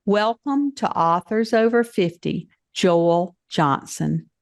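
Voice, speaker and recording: A woman in her seventies hosting an author interview show, reading a measured scripted introduction and asking questions. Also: lowish voice, animated. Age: 70s. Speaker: podcast host.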